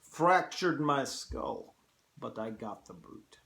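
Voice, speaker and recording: Cultured Russian aristocrat-hunter, slow and menacing with lively pitch swings, put on by a male reader. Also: vocal fry, heavily acted. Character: suave aristocratic Russian hunter general, older man.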